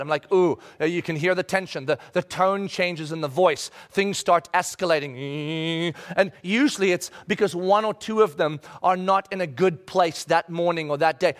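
Middle-aged male preacher, high voice, animated sermon delivery with big swings from quiet to shouting. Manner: animated, swings from soft asides to loud shouted quotes. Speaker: pastor.

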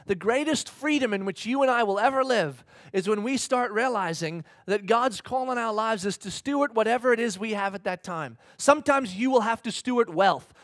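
This pastor's voice is very high-pitched and fairly bright, recorded dry at studio quality. In his dynamic sermon he plays out small dialogues in mock voices and turns to the congregation with questions.

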